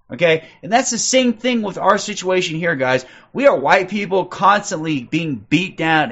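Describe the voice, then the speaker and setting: A man's voice: high voice, unhurried, a bit bright, dull audio. A man in his forties hosting a livestream. He rants in a profane, aggressive way and ends nearly every sentence with "okay?". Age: 40s. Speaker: livestream host. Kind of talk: ranting livestream commentary.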